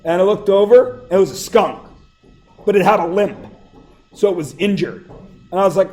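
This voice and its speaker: A man's voice: sits high, moderate pace, long pauses, dark tone, rough recording. A middle-aged man teaching math to a class, with a sore throat, asking the students question after question. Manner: questioning, prompts students for answers. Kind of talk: classroom lecture.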